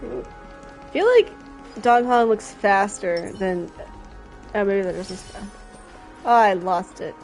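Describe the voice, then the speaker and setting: A young adult woman giving casual gameplay commentary, chatty and excitable, often talking to herself. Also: medium pitch, slow pace, long pauses, soft background music. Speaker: streamer.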